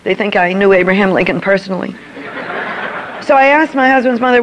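A woman's voice: medium pitch, a little fast, highs cut off, noisy background. An older woman giving an inspirational talk, telling a personal story and acting out the dialogue vividly. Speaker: inspirational speaker.

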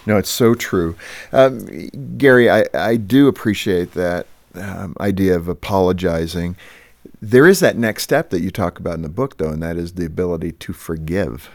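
A man's voice: sits low, normal speed, darkish tone, dry recording. A man hosting an interview, asking probing questions in an easy, conversational way. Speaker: interview host. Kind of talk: radio interview.

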